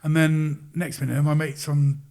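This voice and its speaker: A man guest on a podcast, telling stories in an animated, casual way and acting out quoted voices. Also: a little high, unhurried. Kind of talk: casual storytelling.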